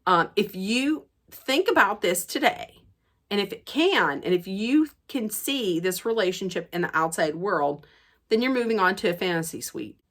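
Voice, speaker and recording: In a mid-range, fairly bright, animated voice at a moderate pace, a woman casually recaps a reality show. She tells it like gossip, chatty and acting out the quoted dialogue.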